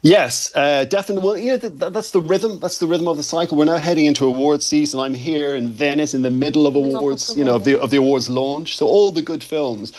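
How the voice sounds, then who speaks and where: A man's voice: on the high side, fast, hardly any pauses, darkish tone. A man reviewing films from a festival, rambling with restarts and blunt opinions. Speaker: film critic. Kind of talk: conversational film review. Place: at a film festival.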